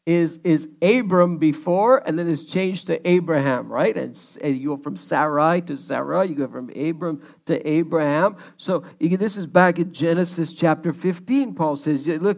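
A man preaching a sermon as pastor, animated and joking, acting out the quotes he reads. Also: fairly high pitch, moderate pace, creaky, hardly any pauses. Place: church, streamed online.

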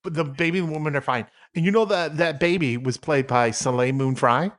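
A man co-hosting a comedy podcast, rambling through made-up facts in deadpan improvised banter. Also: fairly high pitch, a little fast. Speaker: podcast co-host.

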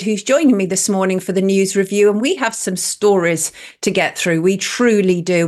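A woman hosts a talk radio news review. She sets up stories in an earnest, measured way, at an ordinary middle pitch for a woman. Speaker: radio show host.

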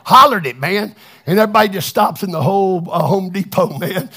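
Older male pastor, husky high voice, fervent sermon with shouted peaks. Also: brisk. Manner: fervent, shouting in bursts, chatty asides. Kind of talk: Pentecostal sermon.

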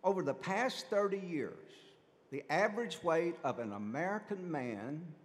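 A man's voice: on the high side, expressive, a little slow. A man preaching a sermon as pastor, addressing the congregation with many rhetorical questions and acted-out quotes. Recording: long hall reverb.

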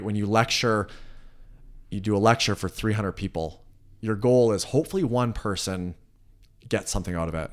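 A man hosting a podcast, talking in an earnest, reflective, rambling way. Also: lowish voice. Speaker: podcast host. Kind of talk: casual conversation.

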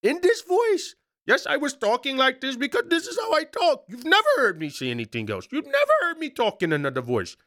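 A man voicing a high-pitched male persona who insists this is how he always talks, repeating himself emphatically. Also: huge pitch swings, brisk, few pauses, fairly bright tone, exaggerated voice. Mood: insistent.

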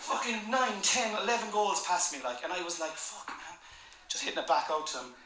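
Irish man, stand-up comedy, swearing storyteller, high voice, echoey room. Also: big pitch swings, quick pace. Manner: swearing, storytelling, laughing audience asides. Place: live comedy venue. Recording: roomy live room, loud background noise.

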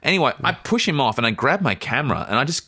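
A man telling a story in a casual podcast chat, animated, often repeating words as he gets excited. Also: mid-range voice, quick pace, no echo, studio quality. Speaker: podcast co-host.

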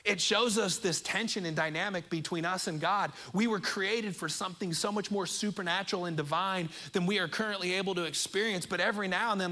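A man preaching to a church congregation with a high, bright voice. He talks in an earnest, conversational way and often stumbles and repeats a word before pressing on. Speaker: pastor. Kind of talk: sermon. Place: church auditorium.

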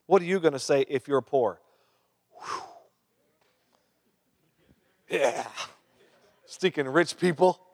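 A man's voice: sits high, gravelly. A man preaching a sermon, reading scripture aloud and breaking off to question and joke with the congregation. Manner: reads scripture, then asks the crowd questions and jokes. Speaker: pastor. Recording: long hall reverb.

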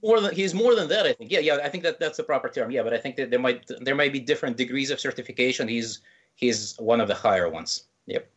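A man's voice: mid-range voice, animated, fast. A man talking as a podcast guest, chatty and poking fun at himself. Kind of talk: casual chat.

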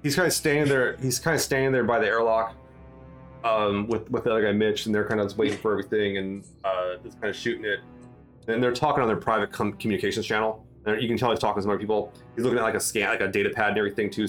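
A man's voice: fairly low pitch, steady tone, quick pace, a bit bright, soft background music. A man running a tabletop game as game master, talking loosely with many fillers and restarts. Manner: rambling, full of fillers and restarts.

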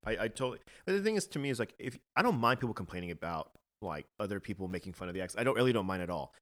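A man's voice: fairly low pitch, sing-song, rapid-fire, fairly bright tone. A man co-hosting a podcast, giving his opinions in a casual, earnest way and often repeating words as he starts a point. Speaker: podcast co-host.

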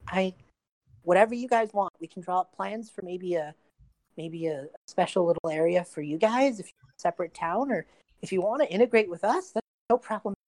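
A woman's voice: on the low side, lively intonation, brisk, darkish tone, no echo, low-quality recording. A woman playing a young male prince who pleads earnestly and rambles, trying to make peace. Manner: earnest, rambling, eager to please.

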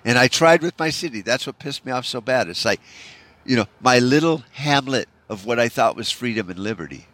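A man's voice: mid-range voice, lively intonation, a little fast, a bit bright, no echo. A man hosting a solo podcast, delivering a rambling, profane rant in a discouraged, bitter tone, full of "you know" fillers. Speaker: podcast host.

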